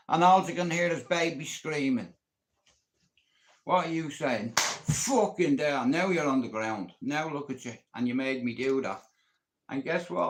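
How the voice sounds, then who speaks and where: A middle-aged Irish man hosting a livestream, rambling bluntly and swearing constantly. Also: a little high. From Ireland. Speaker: livestream host.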